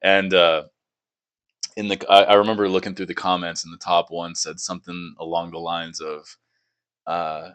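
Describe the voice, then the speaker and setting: Deep-voiced young man, loose profane podcast chat. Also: flat delivery, moderate pace, fairly bright tone. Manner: loose and profane, laughs often, reads game blurbs aloud. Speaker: podcast host. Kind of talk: casual gaming podcast chat.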